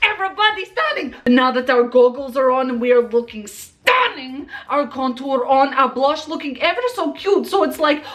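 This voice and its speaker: A chatty woman talks through a casual makeup tutorial, rambling with plenty of fillers and playful theatrical flourishes. Her voice sits high and swings widely up and down as she hypes up the viewer. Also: expressive, normal speed, hardly any pauses, fairly bright tone. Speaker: makeup vlogger.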